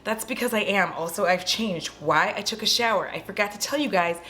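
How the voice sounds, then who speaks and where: A woman vlogger, mid-range voice and brisk delivery, sits at home summarizing a horror movie. She's animated and curses liberally, peppering the story with casual remarks to her viewers.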